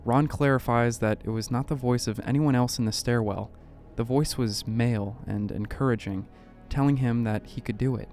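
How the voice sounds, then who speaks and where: A man giving a measured, suspenseful scripted narration for a documentary about unexplained events. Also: mid-range voice, fairly even intonation, darkish tone. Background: faint background music.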